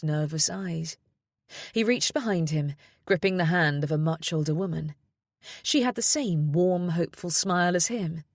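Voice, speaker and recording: A woman with a low voice reads a novel aloud in the first person. The sound is dry and close, with no room echo. Her delivery is measured and steady. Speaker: audiobook narrator. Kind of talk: scripted first-person narration.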